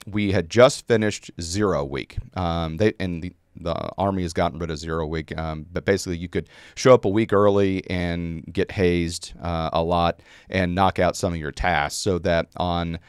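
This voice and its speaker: Man in his 40s, army vet vibe, dry close sound, lots of um and uh, smooth voice. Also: low voice, no echo. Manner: halting, many fillers and repeated words. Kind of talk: casual storytelling.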